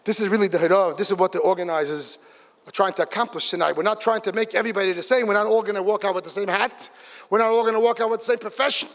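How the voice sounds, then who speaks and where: A middle-aged man giving a lively storytelling speech to a gathering in a large hall, breaking into excited exclamations. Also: high voice, very fast. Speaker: speaker at a community gathering. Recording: long reverb of a big hall.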